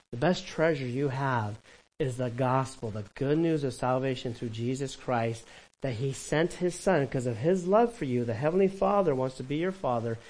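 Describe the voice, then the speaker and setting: Animated conversational male pastor preaching. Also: medium pitch, poor audio. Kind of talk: sermon.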